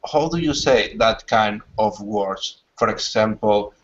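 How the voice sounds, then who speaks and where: A Spanish-accented man speaks up as a student, his English halting as he hunts for the right words. His voice sits a bit low and sounds far from the mic. The audio is muffled and lo-fi. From Spain.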